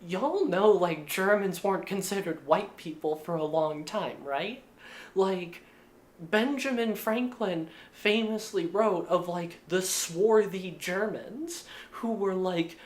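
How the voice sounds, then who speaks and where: A woman's voice: fairly low pitch, takes it slowly. A woman narrating a video essay in a casual way, with lots of filler words. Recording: roomy echo.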